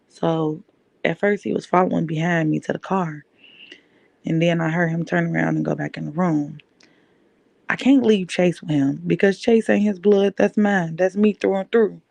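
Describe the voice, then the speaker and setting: Gravelly-voiced woman telling her story. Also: fairly low pitch, steady tone, moderate pace, darkish tone, no echo. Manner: emphatic, repeats key phrases. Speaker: podcast host. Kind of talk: personal storytelling.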